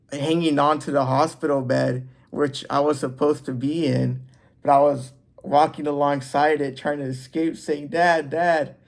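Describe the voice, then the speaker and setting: Gravelly young man rambling through a story. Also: mid-range voice. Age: 20s. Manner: rambling, loose, self-interrupting delivery. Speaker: vlogger. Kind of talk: casual storytelling to camera.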